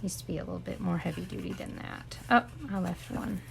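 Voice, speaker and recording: A woman's voice: lowish voice, little pitch movement, fairly quick, creaky, a little hiss or hum. A woman teaching a casual live crafting tutorial, chatting and rambling with asides to her viewers. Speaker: crafting instructor.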